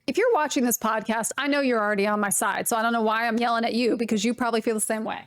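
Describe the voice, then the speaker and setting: A young adult woman hosting a knitting podcast, chatting casually in a rambling, animated way. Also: on the high side, rapid-fire, few pauses, no echo, studio quality. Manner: rambling, animated, swearing mildly. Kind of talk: casual chat to camera.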